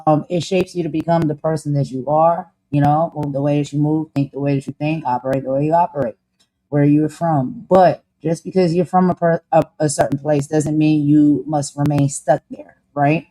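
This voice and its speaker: A woman's voice: sits low, fairly even intonation, normal speed, dark tone, low-quality recording. A woman host with a New Jersey accent, talking in a blunt, sassy, slang-heavy way. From Camden, New Jersey. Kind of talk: casual chat.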